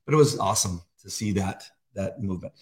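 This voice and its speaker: A middle-aged man co-hosting a faith devotional, talking in a halting, emotional way with many fillers. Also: low-pitched. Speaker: devotional co-host. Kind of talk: casual faith chat.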